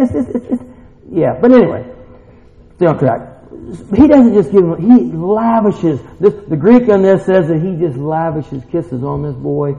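A man preaching a sermon in a church, animated and swinging from hushed asides to loud exclamations. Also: on the high side, moderate pace, vocal fry. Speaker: pastor. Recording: dull lo-fi recording.

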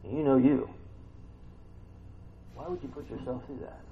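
A man's voice: mid-range voice, steady tone, normal speed, a little hiss or hum. A man preaching an informal sermon, reading scripture aloud and talking it through with his listeners, asking them questions and acting out what people say. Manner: conversational, asks the listeners questions, acts out quotes. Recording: tinny phone-like sound.

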